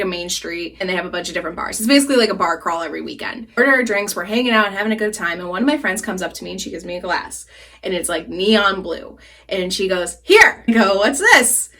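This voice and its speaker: A young woman telling stories while doing her makeup, animated and swearing freely, jittery on caffeine. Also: medium pitch. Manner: animated, swearing, laughing often, squealing when excited. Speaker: beauty vlogger. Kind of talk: chatty get-ready-with-me storytelling.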